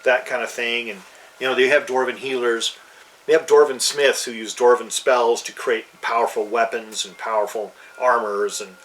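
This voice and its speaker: A man's voice: mid-range voice, fairly even intonation, normal speed, a bit bright, distant mic, poor audio. Rambling man, somewhat off-mic. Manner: rambling, many fillers and restarts. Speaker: podcast co-host. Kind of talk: casual chat about fantasy games.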